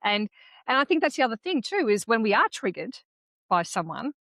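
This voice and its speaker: A woman, co-hosting a casual podcast chat, speaking calmly and reflectively. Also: on the high side, fairly quick, no echo. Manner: calm and reflective, affirming. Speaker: podcast co-host.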